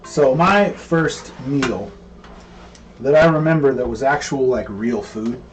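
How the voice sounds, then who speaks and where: A man and cook, co-hosting and telling a story in a relaxed, rambling way with plenty of fillers. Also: mid-range voice, slow, soft background music. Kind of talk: casual storytelling. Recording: distant mic with faint room ambience.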